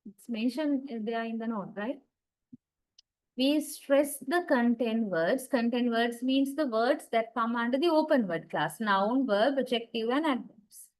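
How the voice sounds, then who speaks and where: A woman's voice: a little high, measured pace, poor audio. A woman lecturing on English grammar in an online class, patiently repeating her key points and checking in with her students.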